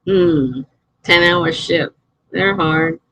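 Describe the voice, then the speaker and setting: A woman's voice: on the low side, measured pace, gravelly, slight background noise, rough recording. A middle-aged woman chatting casually on a live stream, answering chat messages and laughing often.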